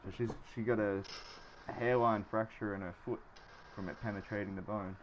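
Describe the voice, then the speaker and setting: A man's voice: lowish voice, steady tone, a little fast, muffled recording, a crowd in the background. A man with an Australian accent chatting casually on a livestream, rambling, swearing freely and laughing often. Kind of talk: casual chat.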